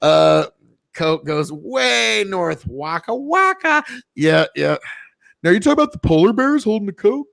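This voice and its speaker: Host, male, from Nebraska. Rambling, swears constantly, high gravelly voice, close dry sound. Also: lively intonation, unhurried, no echo. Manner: profane, rambling storyteller. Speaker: podcast host. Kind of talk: casual chat.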